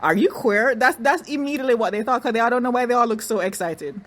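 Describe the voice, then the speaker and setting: A woman's voice: fairly high pitch, quick pace, hardly any pauses. Chatty woman recapping reality TV. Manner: chatty, animated, restarts and asides, mocking impressions. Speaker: reality TV reviewer. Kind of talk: casual recap commentary.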